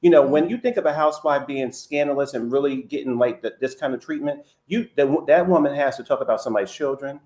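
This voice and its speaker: Animated man chatting gossip. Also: medium pitch, fast talker, hardly any pauses. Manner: animated, repeats words and restarts. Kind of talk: casual gossip chat.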